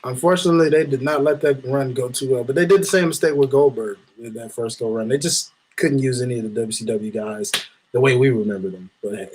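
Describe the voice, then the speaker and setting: A man's voice: medium pitch, fast talker, darkish tone, slightly rough, rough recording. A man guesting on a casual wrestling review podcast, laid-back and laughing often as he talks.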